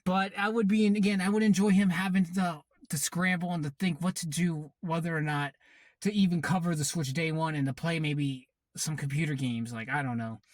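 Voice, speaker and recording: A man's voice: a little high, steady tone, brisk, no room sound. A man hosting a reaction channel, delivering heated, profane, sarcastic commentary.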